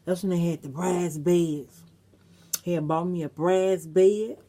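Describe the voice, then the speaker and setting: A woman's voice: fairly low pitch, steady tone, a little slow, dark tone, a little hiss or hum. A middle-aged woman vlogger, chatting casually and reminiscing to her viewers, with some salty language. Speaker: mukbang vlogger.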